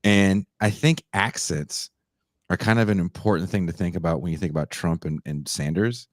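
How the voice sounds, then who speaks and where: A man hosting a casual chat, animated and quick to slip into mocking voices. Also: low-pitched, dry recording, clean studio sound. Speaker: podcast host.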